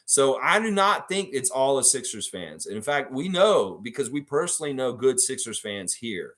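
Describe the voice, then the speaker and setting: This livestream host has a fairly bright, medium-pitched voice with big pitch swings and a moderate pace. He goes through viewer comments in a casual chat, rambling and restarting as he thinks out loud.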